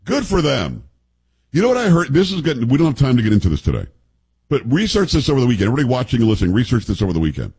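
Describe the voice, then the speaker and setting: Chatty radio host, husky. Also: male voice, mid-range voice, huge pitch swings, racing, mellow, poor audio. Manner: chatty, joking, emphatic asides. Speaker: radio talk show host. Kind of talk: casual call-in radio talk.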